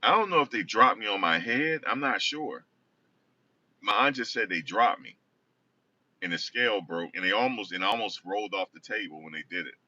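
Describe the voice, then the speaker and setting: A man's voice: on the low side, animated, moderate pace, pushed and bright. A man casually telling a rambling personal story, often correcting himself. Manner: rambling, self-correcting, conversational. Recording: distant dull lo-fi recording.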